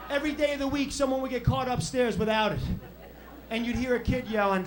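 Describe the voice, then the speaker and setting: A man, doing an exasperated stand-up rant that builds to loud punchlines. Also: very high-pitched, fairly even intonation, quick pace, slight background noise, poor audio. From New York. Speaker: stand-up comedian. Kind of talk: stand-up routine.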